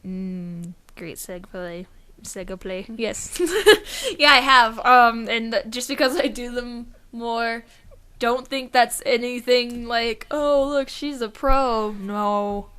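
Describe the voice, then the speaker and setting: A woman's voice: fairly high pitch, slow pace, pushed and bright, smooth. A woman co-hosting a casual gaming podcast, chatty, laughing often and swearing freely. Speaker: podcast co-host. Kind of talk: casual chat.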